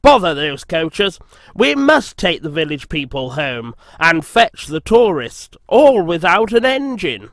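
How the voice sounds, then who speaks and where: A man voicing a brisk male railway controller in a storybook. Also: fairly high pitch, sing-song, fairly bright tone, dry recording, studio quality, exaggerated voice. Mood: vexed.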